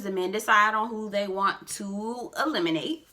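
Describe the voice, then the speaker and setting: A woman giving a casual, sassy recap of a reality show, with expressive asides and big swings in pitch. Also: normal speed.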